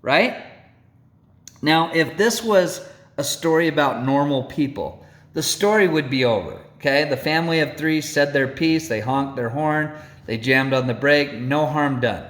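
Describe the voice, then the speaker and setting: Male storyteller, slightly high voice, slow and deliberate, theatrical, keeps checking in with the room. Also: a bit bright. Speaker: storyteller speaker. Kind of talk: animated storytelling to an audience.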